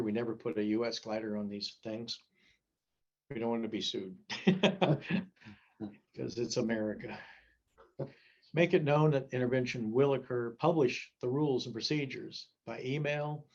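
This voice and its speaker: An older man in his seventies gives a safety talk, moving between rules and folksy, joking stories. His voice sits at a middle pitch, and the recording sounds dull and lo-fi. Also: a little slow, long pauses, a little mellow. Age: 70s. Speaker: gliding safety speaker.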